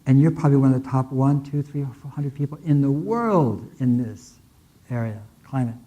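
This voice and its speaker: An older man with a mid-range, dark-toned voice gives a conference keynote in a lecture hall at a moderate pace, captured on a rough recording. He tells stories conversationally, with many fillers and restarts.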